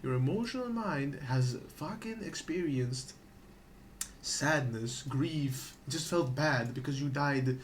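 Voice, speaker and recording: A man talking through an idea in a loose, rambling way, swearing freely and repeating himself as he checks in with his listener. His voice sits at a middling pitch, with a faint hiss of noise behind it. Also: slow. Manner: profane, repetitive, checks in with "okay?". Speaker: gaming streamer. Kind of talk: casual explanatory rant.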